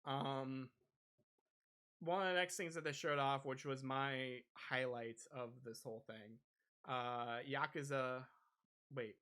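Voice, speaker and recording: Bright-voiced man on a gaming podcast. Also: mid-range voice, steady tone, slow, clean tone. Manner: rambling, many fillers and restarts. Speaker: podcast co-host. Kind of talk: casual chat.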